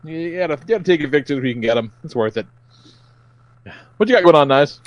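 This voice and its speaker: Male podcast co-host, profane storyteller, lively swooping delivery, dry close mic. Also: a little high, quick pace, no echo, lo-fi sound. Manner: profane, animated storytelling, acts out quotes. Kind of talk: casual comedic chat.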